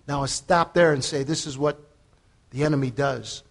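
A man's voice: mid-range voice, moderate pace, creaky. A man who is a preacher and fitness coach, giving a conversational sermon, telling the story with chuckles and repeating phrases for emphasis. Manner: chuckles often while talking.

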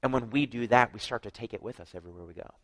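A man preaching a sermon, telling his own story with lively acted-out dialogue and frequent drops to a hushed voice. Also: medium pitch, racing, low-quality recording. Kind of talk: sermon with personal testimony.

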